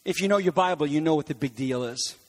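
A man preaching a sermon in an animated way, rising to shouts on key words and making quick asides to his congregation. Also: fairly high pitch. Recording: long hall reverb.

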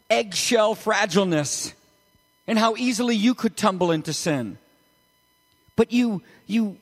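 A man preaching a sermon as pastor, animated and emphatic, with sudden rises in his voice. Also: fairly high pitch, long reverb tail. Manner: animated, rising to emphatic peaks.

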